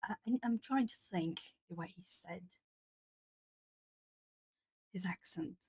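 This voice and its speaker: A woman's voice: lowish voice, normal speed, a little mellow, a little hiss or hum. A woman from southern Brazil, a native Portuguese speaker, chatting casually on an art livestream, rambling with plenty of fillers. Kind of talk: casual chat with live chat.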